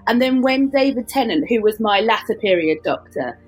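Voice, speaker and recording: A woman talks on a podcast panel in a slightly high voice with a husky edge. She laughs easily as she speaks. Light music sits faintly under her. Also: animated, moderate pace, low-quality recording. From London. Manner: warm-hearted, laughs often. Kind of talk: casual panel chat.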